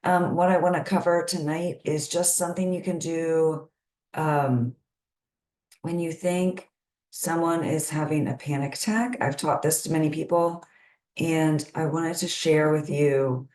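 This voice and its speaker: A woman with a low, deep voice leads an online parenting workshop. She talks calmly and guides each step of a sensory grounding exercise. Her computer mic picks up a roomy echo. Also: unhurried. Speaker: community health presenter.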